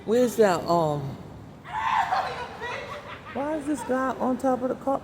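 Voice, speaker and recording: A sarcastic, talkative woman vlogs as she walks through the city, speaking in loose street slang. It was recorded on a phone held out in front of her, with loud street noise and passing cars behind her voice. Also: fairly high pitch, big pitch swings, slow pace, a crowd in the background. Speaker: vlogger. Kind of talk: casual walking vlog.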